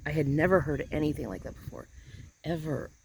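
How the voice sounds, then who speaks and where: Rambling, emotional woman with a gravelly voice. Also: sits low, fairly quick, a little mellow, a little hiss or hum. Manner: rambling, emotional, searching for words. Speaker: vlogger. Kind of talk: casual outdoor vlog. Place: outdoors in a yard chair.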